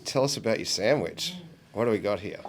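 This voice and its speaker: A joking man co-hosting a relaxed chat show. His voice sits fairly low, and he teases his guests between questions. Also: fairly quick, soft background music. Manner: jokey, teasing interviewer. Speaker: podcast co-host. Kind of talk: casual chat.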